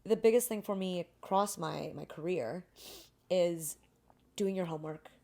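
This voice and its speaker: Woman, interview guest, animated, self-deprecating, mimics other people's voices. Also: fairly low pitch, normal speed, gravelly. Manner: animated, acts out quoted dialogue in shifting voices. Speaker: guest, beverage brand founder. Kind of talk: casual interview conversation.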